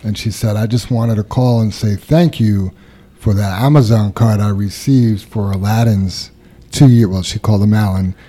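A man hosting a casual workplace podcast, reading out anniversaries and birthdays and telling stories in a relaxed way. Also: fairly low pitch, moderate pace. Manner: relaxed, reads out announcements. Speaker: podcast host.

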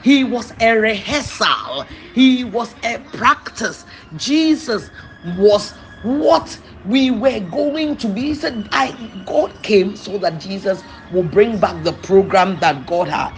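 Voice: mid-range voice, animated, takes it slowly, faint music behind. A preacher teaching an episode of a sermon series, emphatic, asking the listeners questions and answering them.

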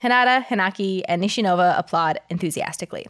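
A woman's voice: lowish voice, fast talker, a bit bright. A woman reading fan fiction aloud in a casual way, giggling often and breaking in with chatty asides. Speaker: reader.

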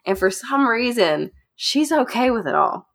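A woman host casually retelling a dark fairy tale to friends, chatty and animated. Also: on the high side, measured pace, creaky. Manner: chatty, animated, laughs often. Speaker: podcast host.

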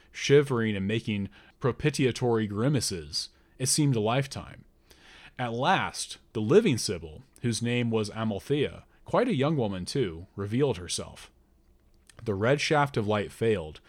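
Measured man narrating an audiobook. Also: fairly low pitch. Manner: measured, deliberate storytelling. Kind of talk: first-person scripted narration.

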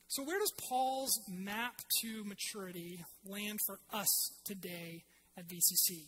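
A woman's voice: mid-range voice, fairly bright tone, a little hiss or hum, rough recording. A woman preaching a sermon to her congregation in a conversational way, with fillers and restarts.

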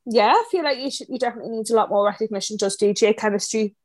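High-voiced Geordie woman, eager. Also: racing, dry recording. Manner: enthusiastic, rambling, slangy. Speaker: guest. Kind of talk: casual podcast chat.

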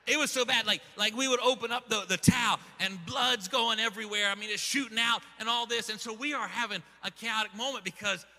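A middle-aged man preaching a sermon, telling a story with lots of excitement and stumbling repeats as he starts sentences. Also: high-pitched, a little fast, hardly any pauses, soft background music. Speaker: pastor. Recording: long hall reverb.

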